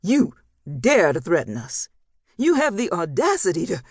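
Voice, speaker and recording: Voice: mid-range voice, wildly swooping pitch, normal speed, husky, no room sound, studio quality. A narrator voicing a stern older grandfather who is furious and decisive, nearly choking on his words, for an audiobook. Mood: enraged. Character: furious older grandfather, normally even-tempered.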